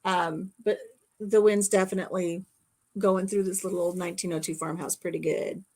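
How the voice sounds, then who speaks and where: Animated middle-aged woman telling stories. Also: on the low side, moderate pace. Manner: animated storyteller, acts out shrieks and whispers, laughs often. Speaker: channel host. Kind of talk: casual storytelling chat.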